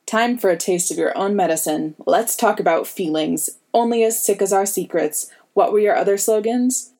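A woman's voice: mid-range voice, moderate pace, darkish tone, close to an everyday voice. A woman reading the part of a wisecracking grown man who teases his friends sarcastically. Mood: teasing. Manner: sarcastic, teasing. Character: wisecracking grown male archer, teasing.

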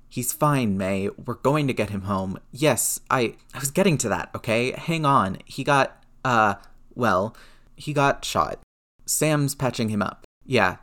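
A man reading aloud, voicing a rattled, snappy male inventor who talks fast and rambles defensively. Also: medium pitch, a bit bright.

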